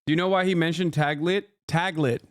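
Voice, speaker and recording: A man's voice: a little high, normal speed, no echo, studio quality. A man streaming live, commenting on clips in a rambling, emphatic way and talking to his chat.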